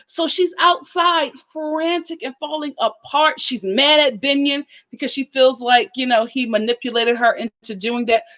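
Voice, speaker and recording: Animated woman reviewing reality TV. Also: sits high, normal speed, few pauses. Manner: animated, preachy, addresses viewers directly. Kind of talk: casual live review chat.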